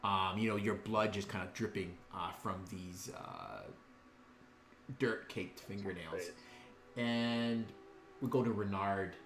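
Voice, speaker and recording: A man's voice: low voice, animated, unhurried, a bit bright, reverberant, slight background noise. A man narrating a tabletop game as dungeon master, in a laid-back way with lots of ums and chuckles.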